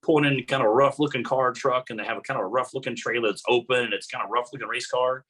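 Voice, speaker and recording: A man's voice: medium pitch, steady tone, quick pace, fairly bright tone, poor audio. A man being interviewed as a guest, telling rambling anecdotes with many fillers in casual talk. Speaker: guest, motorsport announcer.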